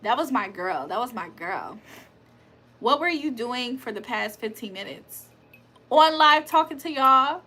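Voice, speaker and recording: A woman's voice: sits high, lively intonation, normal speed, pushed and bright. A young woman hosting a casual livestream, reading chat aloud and laughing often. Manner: chatty, laughs often, reads comments aloud.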